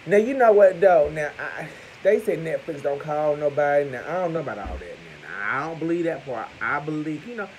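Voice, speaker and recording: A man holds forth to his viewers in a fairly high voice that leaps all over the place as he talks. His commentary is crude and full of swearing. He keeps breaking in with loud calls to the audience. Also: a little fast, a little hiss or hum, poor audio. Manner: animated, crude, keeps calling out "Hello!"; addresses viewers as "y'all". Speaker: vlogger. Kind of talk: profane celebrity gossip commentary.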